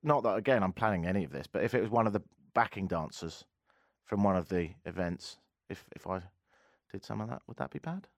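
A man's voice: on the low side, animated, brisk, dry recording, studio quality. A man hosting a radio show, chatting in a cheeky, jokey way with his co-host. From England. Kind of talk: casual comedic radio chat. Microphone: studio microphone.

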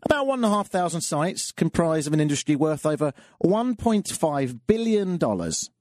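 Male talk-radio host, chatty and self-mocking, bouncy delivery, raised pitch. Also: sing-song, normal speed, darkish tone, no echo. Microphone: studio mic. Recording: dry studio sound.

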